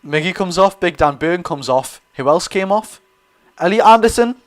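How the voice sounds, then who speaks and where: This streamer, a young man from Geordie country, talks in a high-pitched, animated voice at a moderate pace. He comments chattily on a football match as it unfolds, responding to the action and to what his viewers type in chat.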